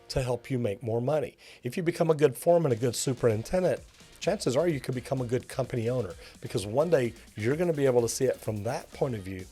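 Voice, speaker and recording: This is a middle-aged man with a mid-range, warm, slightly rough voice. He's a master plumber coaching viewers through the trade in an instructional video, keeping his delivery upbeat and direct.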